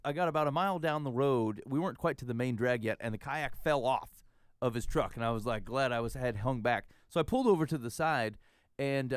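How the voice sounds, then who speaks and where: Man, casual storyteller, rambling and self-deprecating, mid pitch, dry sound. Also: smooth, dry recording. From Iowa. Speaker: podcast host.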